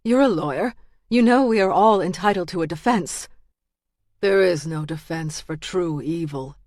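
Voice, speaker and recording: A woman voicing a menacing male killer who speaks in a quiet, low, deliberate way. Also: no echo, studio quality, lightly acted. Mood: cold menace. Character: menacing male killer, cold and self-righteous.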